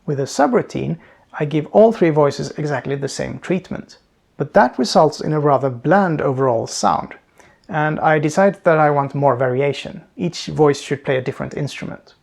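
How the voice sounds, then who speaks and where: A man calmly explaining his programming step by step, thinking aloud as he works. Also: on the high side, gravelly, slightly rough. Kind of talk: screen-recorded coding tutorial.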